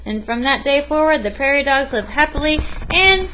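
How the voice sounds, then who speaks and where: A woman reading a picture book aloud in an expressive way, with asides to the listener. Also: sits high, normal speed, highs cut off, slight background noise. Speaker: reader.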